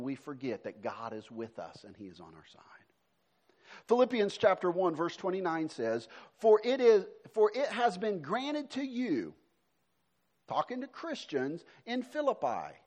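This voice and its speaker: Middle-aged guy preaching a sermon, pretty high voice, goes loud then drops real soft. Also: very animated, moderate pace. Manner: preaching with swings between emphatic and soft, hushed delivery. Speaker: pastor.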